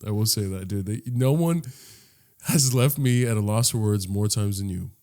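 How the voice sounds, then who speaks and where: A man's voice: lowish voice, normal speed, dark tone. A young man co-hosting a comedy podcast, joking casually and laughing often in a mock-earnest way. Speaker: podcast co-host. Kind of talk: casual chat.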